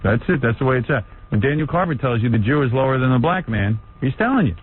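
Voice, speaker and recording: A man's voice: mid-range voice, animated, fast talker, a little hiss or hum. A man hosting a talk radio show, blunt and ranting, laughing often. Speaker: radio host. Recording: phone-like old radio broadcast.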